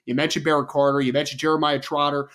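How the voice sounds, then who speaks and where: A man's voice: a little high, level tone, fast, fairly bright tone. A man co-hosting a sports podcast, making confident calls in casual debate and correcting himself mid-sentence. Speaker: podcast co-host.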